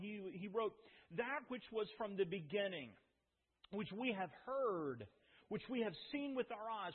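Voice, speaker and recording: A man preaching a sermon as a pastor, emphatic, with dramatic pauses and repeated phrases. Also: high voice, breathy edge. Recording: phone-like sound with long hall reverb.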